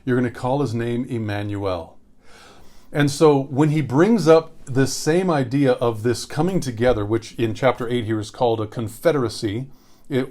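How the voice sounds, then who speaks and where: A man's voice: mid-range voice, a little mellow. Man teaching the Bible conversationally. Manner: conversational, repeats phrases for emphasis, reads scripture slowly. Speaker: pastor.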